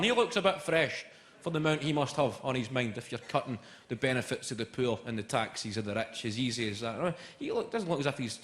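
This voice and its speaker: Rambling comic in a roomy hall. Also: male voice, medium pitch, animated, fairly quick. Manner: rambling, exaggerated storytelling. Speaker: stand-up comedian. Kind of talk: stand-up routine. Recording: roomy venue with heavy noise.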